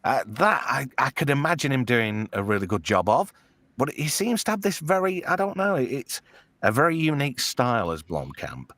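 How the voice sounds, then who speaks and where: A man co-hosting a casual late-night stream, wildly swooping up and down in pitch as he jokes and swears. His voice sits in a middle register. The sound is dry and close, with no room around it. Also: moderate pace, no room sound. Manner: swearing, joking, lively impressions. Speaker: co-host reading chat.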